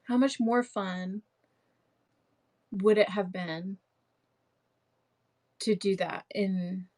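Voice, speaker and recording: A woman's voice: mid-range voice, very slow, darkish tone, poor audio. A young woman hosting a live stream in casual chat, rambling and full of fillers and restarts.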